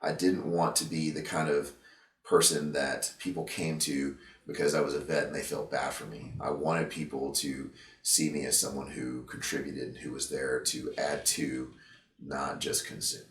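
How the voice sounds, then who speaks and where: A man being interviewed about his past, talking in a halting, reflective way with many fillers and restarts, emotional at times. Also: a bass voice, flat delivery, fairly bright tone, reverberant, distant mic. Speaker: interview guest, veteran and gym owner. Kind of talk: candid interview conversation.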